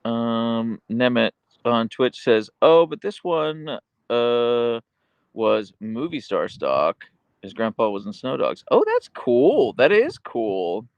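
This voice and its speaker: A man hosting a casual livestream, reading viewer comments aloud and chatting about his dogs, slipping into a high cooing voice for his pet. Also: very animated, slow pace, vocal fry, clear, resonant tone, no echo, muffled recording. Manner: goes high and cooing when talking to his dog. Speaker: livestream host.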